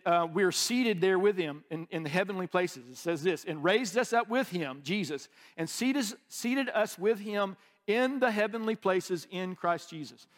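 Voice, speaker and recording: A man's voice: sits high, a bit bright. A man preaching a sermon in a conversational way, with restarts and asides. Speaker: pastor.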